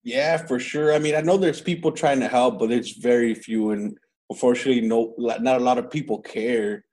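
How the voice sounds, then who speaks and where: A man's voice: mid-range voice, fairly quick, darkish tone. A man hosting a podcast, chatting in a laid-back, slangy, agreeable way. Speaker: podcast host. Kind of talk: casual podcast chat.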